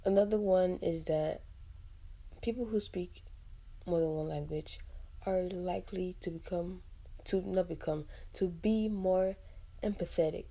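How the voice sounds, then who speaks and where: Chatty Nigerian woman with a low, mellow voice. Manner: chatty and expressive, with frequent "like" fillers and asides. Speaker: podcast host. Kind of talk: casual solo podcast talk.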